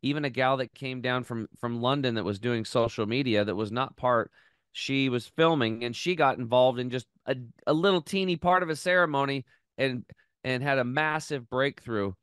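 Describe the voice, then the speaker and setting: A man hosting a health podcast, earnestly telling an emotional story in a close, animated way with many restarts. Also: mid-range voice, moderate pace, clean tone, no echo. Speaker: podcast host.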